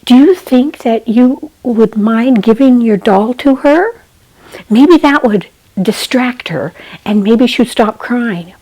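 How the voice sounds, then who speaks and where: A woman voicing a kindly fort commander who gently coaxes his young daughter. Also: fairly high pitch, takes it slowly, poor audio. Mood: coaxing. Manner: soft, coaxing and persuasive.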